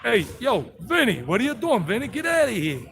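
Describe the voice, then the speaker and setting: A man putting on a loud, mocking Brooklyn tough-guy voice. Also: extremely high pitch, big pitch swings, brisk, creaky, over music, voice pushed up, heavily acted. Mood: mocking bravado. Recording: outdoor street noise.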